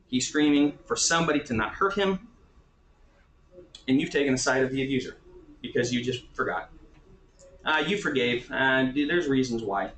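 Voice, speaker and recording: A man's voice: mid-range voice, fairly bright tone, a little hiss or hum. Casual male teacher in an echoey room. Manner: casual, often checks in with "right?". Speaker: therapist teaching a class. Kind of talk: conversational teaching talk.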